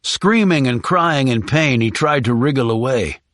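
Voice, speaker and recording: A man narrates an audiobook from a script, keeping his storytelling even and measured. His mid-range voice is captured cleanly in the studio with no echo.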